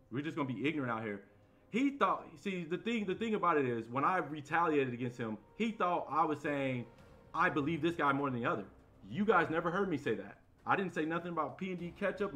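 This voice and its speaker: A male game streamer and loud talker, ranting in a heated, defensive way while he plays. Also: on the high side. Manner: heated, defensive, sets the record straight. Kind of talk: live-stream rant while playing.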